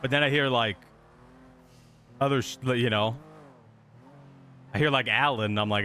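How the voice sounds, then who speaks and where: A man's voice: medium pitch, normal speed, long pauses, pushed and bright, a little hiss or hum. A man streaming a police roleplay game, talking casually with easy swearing and laughter. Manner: laid-back, swears casually, laughs easily. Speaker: streamer playing a police officer. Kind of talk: casual gaming stream and in-game radio chatter.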